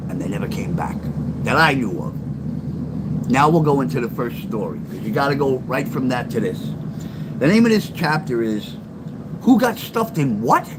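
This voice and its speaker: A man's voice: mid-range voice, sing-song, normal speed, heavy background noise. An older man, telling blunt, profane street stories on a phone live stream. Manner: blunt and profane, acts out quoted lines loudly. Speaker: live-stream storyteller reading his memoir. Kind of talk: casual storytelling.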